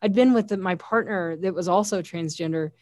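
A woman's voice: on the low side, brisk, darkish tone, dry recording, clean studio sound. A woman giving an earnest, heartfelt faith testimony as an interview guest, often quoting scripture. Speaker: guest sharing a personal testimony.

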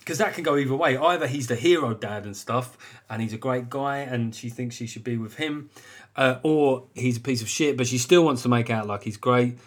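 A man in his forties hosting a podcast, talking bluntly and casually with lots of swearing and "right?" tag questions. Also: normal speed. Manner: restless pitch jumps when emphatic. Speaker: podcast host.

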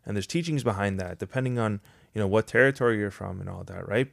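A man from Canada, a podcast guest, explains events calmly and often checks in with the listener. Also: fairly low pitch, gravelly, dry recording, clean studio sound. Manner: measured, explanatory, frequent "right?" tags. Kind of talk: podcast discussion.

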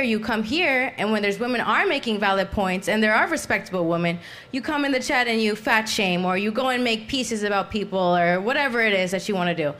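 A woman's voice: mid-range voice, a bit bright. A woman on a podcast panel, insistently pressing a guest to own up. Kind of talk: heated panel debate.

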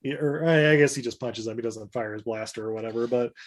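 A man's voice: medium pitch, quick pace, slight background noise. Laughing man retelling a show. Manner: loose and laughing, lots of fillers. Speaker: podcast co-host recapping a TV episode. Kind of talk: casual chat, retelling scenes with playful mock voices.

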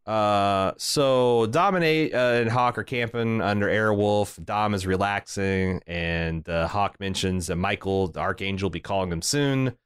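A man's voice: on the low side, a little slow, few pauses, clean tone, no room sound, clean studio sound. A man co-hosting a podcast, recapping a TV episode in a casual, sardonic and profane way. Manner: sardonic, profane, quotes the show in put-on voices. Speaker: podcast co-host.

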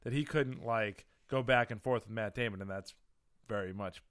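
A man's voice: lowish voice, moderate pace, a bit bright, smooth. A man on a casual podcast playing devil's advocate, swearing and acting out quoted lines. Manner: argumentative, profane, acts out quoted lines. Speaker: podcast co-host. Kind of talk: casual chat.

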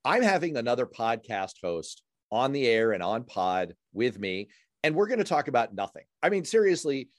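A man hosting a radio talk show and podcast, animated and jokey, introducing and interviewing a guest. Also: medium pitch, no echo, clean studio sound. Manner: animated, jokey, quick asides. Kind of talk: casual interview chat.

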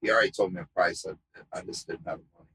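A man guesting on a casual podcast, excitable and profane, saying "bro" a lot. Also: sits low, racing, slightly rough, low-quality recording. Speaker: podcast guest and tattoo shop owner.

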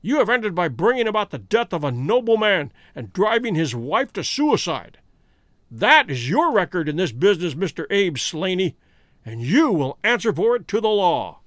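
A commanding detective, measured and stern, as a male storyteller voices him. The voice sits high and moves lively, recorded close and dry. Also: dry recording.

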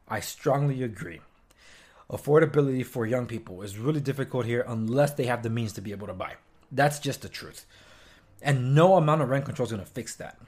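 On his own news podcast, a young adult host goes on an animated, opinionated rant, his pitch leaping up when he's riled. Unscripted and casual, he leans on fillers, drops sarcastic asides with mock quotes, and at times chews while speaking.

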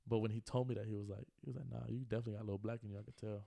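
A young man in his twenties chats on a podcast, his low voice gravelly with fry and a dark, mellow tone. He rambles through a story in a relaxed way, loaded with slang and fillers. The sound is dry and close. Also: very fast, no room sound. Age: 20s. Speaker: podcast co-host. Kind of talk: casual chat.

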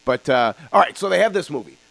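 A man's voice: fairly high pitch, fast talker, vocal fry, no room sound. A man hosting a podcast, telling a story casually with lots of fillers. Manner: rambling, animated storyteller with filler words. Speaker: podcast host.

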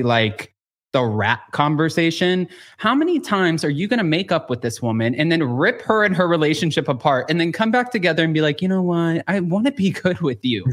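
A man hosting a podcast, telling gossip with lively acted-out quotes and lots of filler "like". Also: on the high side. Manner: animated storytelling with acted-out quotes; frequent filler "like". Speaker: podcast host. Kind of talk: casual gossip chat.

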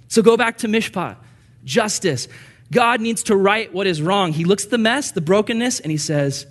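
A young man preaching a sermon, earnest and animated as he tells stories. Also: high voice, normal speed. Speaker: pastor.

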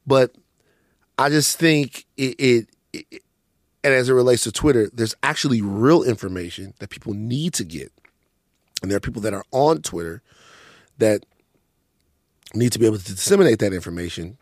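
A man's voice: medium pitch, lively intonation, normal speed, pauses often, no room sound. Man, podcast co-host, loose joking rambler, swears a lot, dry close mic. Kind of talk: casual podcast chat.

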